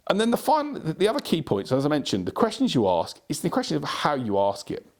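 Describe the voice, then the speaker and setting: A man's voice: a little high, wildly swooping pitch, fast talker, darkish tone. A man hosting a solo podcast, giving advice in a rambling way with many restarts and repeated words. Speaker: podcast host.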